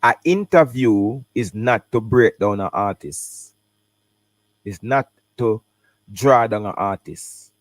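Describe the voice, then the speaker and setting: Low-voiced Jamaican man, dry sound. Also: slow pace, no echo. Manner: animated, speaks in patois and English. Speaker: host reacting to an interview. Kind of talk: casual reaction commentary.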